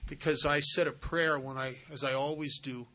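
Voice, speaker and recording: Man, recovery talk, bright voice, earnest, storytelling. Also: medium pitch, steady tone, moderate pace. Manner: earnest storytelling, acts out quoted dialogue. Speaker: recovery speaker. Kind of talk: spiritual retreat talk. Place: retreat center hall.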